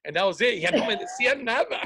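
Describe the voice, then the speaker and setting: A man's voice: sits high, big pitch swings, fast talker, vocal fry, pushed and bright, a little hiss or hum. A man hosting a comedy podcast, swearing freely and telling stories with acted-out voices in casual chat. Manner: profane storytelling, acts out quoted voices. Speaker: podcast host.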